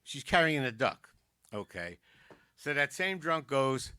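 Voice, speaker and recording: A man doing a stand-up comedy set, telling jokes with quick wisecracks and asides. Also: medium pitch, animated, sharp tone, dry recording, clean studio sound. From South Philadelphia. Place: community arts center.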